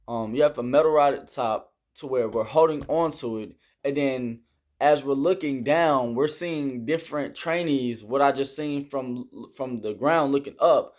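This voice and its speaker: A young man casually telling a story about army basic training, rambling and leaning heavily on fillers while he gestures through the steps. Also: mid-range voice. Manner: explains with hand gestures.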